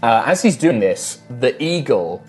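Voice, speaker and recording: A man narrating a tabletop game as game master, in loose, casual phrasing full of fillers, with soft music behind. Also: mid-range voice, very animated, unhurried.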